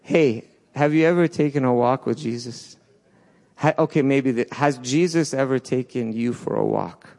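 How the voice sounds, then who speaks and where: A man preaching a sermon in a church, swinging between loud urgent peaks and soft low asides, with restarts along the way. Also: moderate pace, creaky. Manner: passionate, rises and falls, restarts, acts out quotes.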